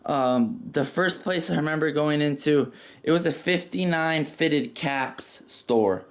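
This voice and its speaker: Male storyteller, casual and profane, slightly higher pitched, rambling delivery. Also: takes it slowly. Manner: rambling and profane, with frequent "like" fillers.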